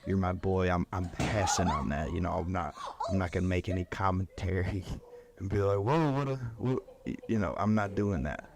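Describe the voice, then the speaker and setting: A man's voice: low-pitched, little pitch movement, normal speed, background noise. A man hosting a solo sports podcast, joking and rambling through topics with a self-mocking tone. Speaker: podcast host.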